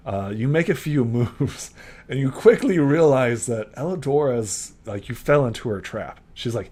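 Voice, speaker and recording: Giggly, animated man running a tabletop game. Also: medium pitch, normal speed, slightly rough. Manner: casual, giggly, many fillers. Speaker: game master.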